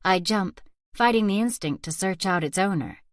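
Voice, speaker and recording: A woman reading a first-person thriller audiobook aloud as narrator in a soft, steady whispered role-play. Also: medium pitch, normal speed, no room sound, clean studio sound. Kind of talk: scripted narration.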